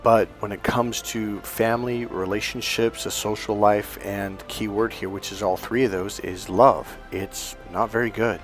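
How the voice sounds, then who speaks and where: A man's voice: lowish voice, steady tone, measured pace, few pauses, faint music behind. A man giving a solo coaching monologue on relationships, talking emphatically and acting out what husbands and wives say to each other. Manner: emphatic, acts out quoted couples' lines.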